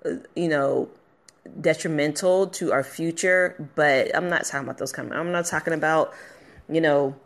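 A woman's voice: deep voice, steady tone, normal speed. A woman hosting her own podcast, talking casually, emotional and encouraging, rambling a bit as she goes. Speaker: podcast host. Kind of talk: casual motivational podcast talk. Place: at her workplace, a dog barking nearby.

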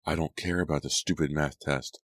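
A man's voice: rumbling low, steady tone, a little fast, no room sound. Man doing a tearful, murmuring teenage girl. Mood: distraught. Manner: soft, murmuring.

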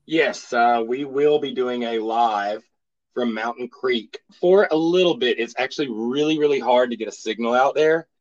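A man's voice: medium pitch, lo-fi sound. A man co-hosting a podcast, teasing wryly and laughing easily. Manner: wry teasing, quick to laugh. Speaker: podcast co-host. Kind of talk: casual podcast banter.

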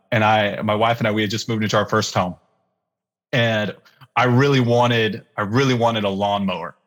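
A man in his thirties, a pastor, telling a personal faith story in a relaxed interview and acting out the lines he quotes. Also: on the low side. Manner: animated storyteller with fillers, acts out quoted lines. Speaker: pastor guest. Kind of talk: conversational storytelling in a podcast interview.

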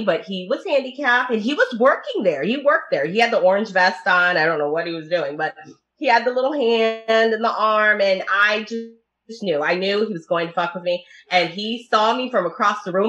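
Bright-voiced woman telling lively stories. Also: mid-range voice, fairly quick, muffled recording. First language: Italian. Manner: animated storyteller who laughs often. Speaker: podcast guest. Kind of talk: casual chat.

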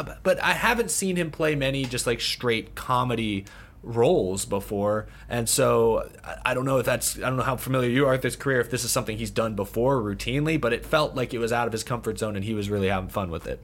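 A man's voice: medium pitch, fast talker, a bit bright, a little hiss or hum. A man with a mid-range voice, hosting a casual podcast. He chats in an easygoing way, leading the conversation on to new topics with questions. His talk is loose and unscripted. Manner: conversational, steers the discussion with questions. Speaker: podcast host. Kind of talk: casual movie review chat.

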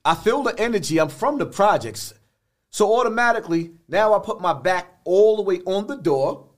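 Older new guy on a podcast, blunt street talk, keeps restarting, kinda high voice. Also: animated, normal speed. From the Bronx, New York. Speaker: guest. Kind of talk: podcast interview.

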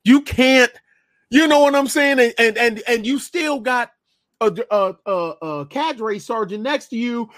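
A man's voice: extremely high pitch, a little slow, fairly bright tone, dry recording, clean studio sound. A man in a casual chat, emphatic and slangy, talking over memories with friends.

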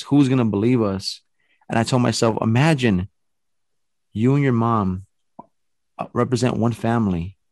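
A man's voice: lowish voice, no room sound. A man casually telling a story from his own paranormal investigation, acting out the sounds and quoting himself. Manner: animated, acts out sounds and quotes himself, swears casually.

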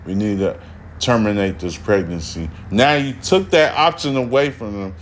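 A man's voice: on the low side, moderate pace, slight background noise. A man hosting a podcast, ranting casually with heavy swearing and slightly slurred, tipsy speech. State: slightly drunk. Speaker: podcast host. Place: studio room behind glass.

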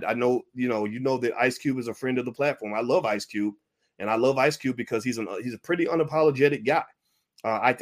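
Animated man delivering mocking commentary. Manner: mocking, animated, mimics wailing baby in high pitch. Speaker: podcast host. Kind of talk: commentary monologue.

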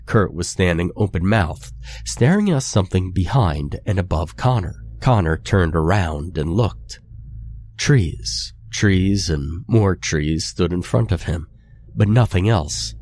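A man reading a scary story aloud, in a slow and measured horror narration. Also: deep voice, expressive, a little mellow.

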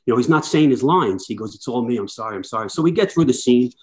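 Middle-aged male firefighter guest, mid-pitch, chatty storyteller who plays out the people he quotes. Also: fast. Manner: lively anecdotes, acts out quoted dialogue. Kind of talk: casual storytelling chat.

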